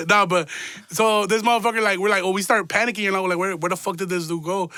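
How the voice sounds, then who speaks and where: A young man with a high, bright voice talks at a quick clip, ribbing his friend with crude jokes as he tells the story. The sound is dry and close, with no room around it. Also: fairly even intonation, no echo. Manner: loud, profane, teasing storyteller. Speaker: podcast host. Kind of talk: casual chat.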